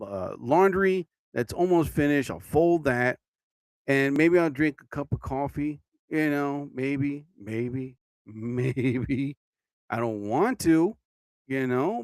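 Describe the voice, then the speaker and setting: A weary man hosts his own livestream podcast, yawning and drifting drowsily from one point to the next in casual rambling. His voice sits on the high side, with no room sound in the recording.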